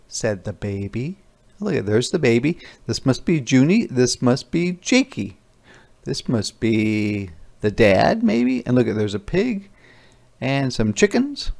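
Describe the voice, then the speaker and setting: A man reading a picture book aloud to young children as a teacher, pausing to explain words gently. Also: mid-range voice, big pitch swings, creaky.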